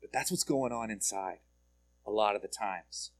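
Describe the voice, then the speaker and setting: A man's voice: lowish voice, normal speed. Man preaching a conversational sermon. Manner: conversational, asks listeners questions, repeats words. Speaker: pastor.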